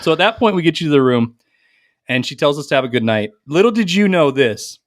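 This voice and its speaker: A man's voice: on the high side, brisk, dry recording, studio quality. A man co-hosting a podcast, telling a long story in casual chat, swearing freely and acting out what everyone said. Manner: animated, profane, acts out quotes. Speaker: podcast co-host.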